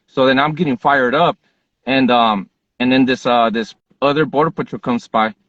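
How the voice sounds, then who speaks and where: A man's voice: medium pitch, moderate pace, no echo. A man hosts his podcast and tells a personal story in a loose, heated, profanity-laced way. His voice sits in a middle register. The recording is dry and slightly dull, like basic home podcast gear. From Southern California, USA. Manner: animated, profane, fired-up retelling. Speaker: podcast host. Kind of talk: casual storytelling.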